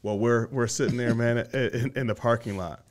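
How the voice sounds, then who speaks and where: A man's voice: medium pitch, fairly even intonation, normal speed. A man from Michigan hosting a podcast, telling a long story in casual chat, laughing often and swearing freely. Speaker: podcast host.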